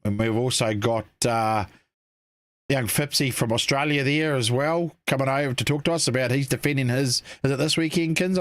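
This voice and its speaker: A man co-hosting a casual livestream chat, rambling and relaxed with lots of fillers. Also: mid-range voice, no echo, studio quality. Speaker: co-host.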